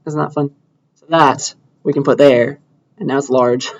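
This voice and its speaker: A man's voice: medium pitch, fairly even intonation, normal speed, dull audio, a little hiss or hum. A young man giving a casual computer science lecture, talking students through a coding demo while he clicks. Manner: casual, chatty, thinking aloud while clicking through code. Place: lecture hall.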